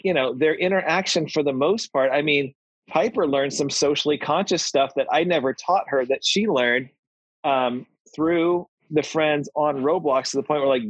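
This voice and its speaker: A man's voice: fairly high pitch, slightly rough, no echo. A man co-hosting a casual parenting chat, telling stories in a wry way with many fillers. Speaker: podcast co-host, parent. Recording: dull dry recording.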